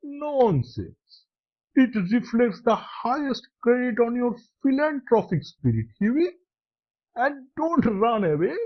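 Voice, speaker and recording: Male reader as teasing, chuckling young painter; high, bouncy voice, slow; dull lo-fi. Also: sing-song, full character voice. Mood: amused. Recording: dull lo-fi recording.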